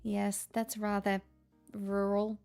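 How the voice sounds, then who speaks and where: An Australian woman talks casually to her live viewers at an ordinary middle pitch. Her humor is dry and sarcastic, and she often turns it on herself. Faint music plays in the background. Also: completely flat delivery, slow, darkish tone. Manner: sarcastic, chatty, self-deprecating. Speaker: livestream host.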